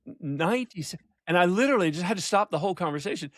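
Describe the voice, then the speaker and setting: An older man, a leadership coach, telling stories in a podcast interview, emphatic and slowing down to stress points. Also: high voice, animated, no echo, studio quality. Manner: emphatic storyteller, slows for emphasis, laughs often.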